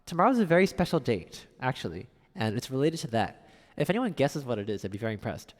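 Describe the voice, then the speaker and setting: Chatty man with a lively voice. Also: medium pitch, quick pace, long reverb tail. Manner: reads viewer messages aloud and answers chattily. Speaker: piano streamer. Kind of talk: casual live-stream chat.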